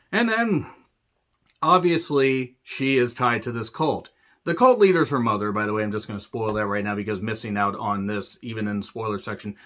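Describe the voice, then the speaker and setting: A man's voice: lowish voice, fairly bright tone. A man giving a sarcastic, profane movie review rant, full of rambling asides.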